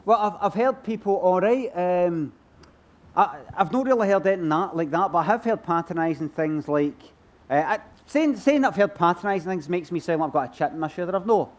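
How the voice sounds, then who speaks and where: Glaswegian guy, kinda high voice, rambly and self-deprecating, live q&a on a stage. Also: animated, brisk. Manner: rambling, self-mocking, laughs through answers. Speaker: comedian guest at book festival. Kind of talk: live Q&A answering audience. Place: stage at a book festival.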